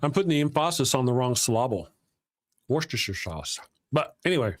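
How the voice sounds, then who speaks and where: A man's voice: mid-range voice, expressive, rapid-fire. A man from Texas, co-hosting a casual live stream, joking and reading the chat aloud. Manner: joking, drawling asides, reads chat aloud. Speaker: co-host.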